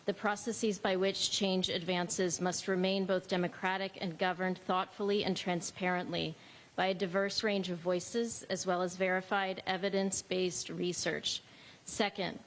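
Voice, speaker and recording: A woman parent reading a formal, measured statement at a public hearing. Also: mid-range voice, a little hiss or hum, rough recording. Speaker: parent speaker. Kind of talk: read public comment. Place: high school meeting hall.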